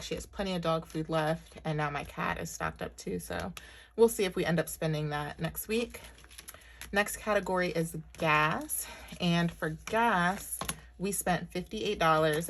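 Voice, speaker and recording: A fairly low-pitched woman in her thirties talks casually to her viewers from her bedroom, counting out cash as she goes. She addresses them as y'all in a chatty, offhand way. A faint hiss sits behind her voice. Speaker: budgeting vlogger. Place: her bedroom upstairs at home.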